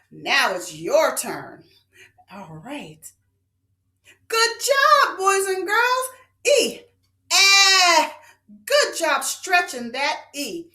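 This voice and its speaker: A woman teaching young children phonics, sounding out vowels slowly and with exaggeration, sing-song and encouraging. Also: sits high, bright, forceful tone, reverberant.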